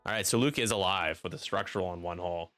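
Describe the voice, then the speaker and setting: A man's voice: deep voice, fast talker, a bit bright, no echo, faint music behind. A man commentating a tabletop game on a live stream, joking and self-deprecating as he goes. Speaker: league commentator.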